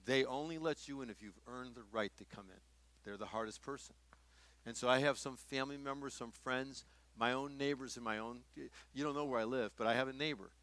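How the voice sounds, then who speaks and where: A man's voice: mid-range voice, no room sound. An older man and pastor, teaching a workshop audience in a sermon style and telling stories in which he acts out the dialogue. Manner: storytelling, acting out dialogue with shifts in loudness.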